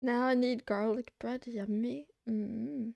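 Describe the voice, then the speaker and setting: A woman livestreamer chatting casually to her audience, rambling and excitable, tossing in meows between remarks. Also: on the high side, takes it slowly, vocal fry, dry recording. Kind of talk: casual chat to a live audience.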